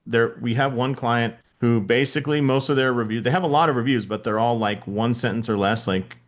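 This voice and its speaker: A man's voice: medium pitch, fairly quick, hardly any pauses. Casual man hosting a podcast. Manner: casual, filler-heavy, posing hypotheticals. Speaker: podcast host. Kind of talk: conversational interview.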